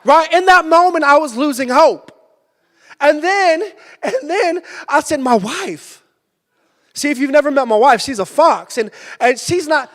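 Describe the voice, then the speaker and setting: A male pastor giving a sermon, telling a personal story with lively energy and sudden shouted bursts. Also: extremely high pitch, moderate pace. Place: church sanctuary. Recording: church hall with long reverb.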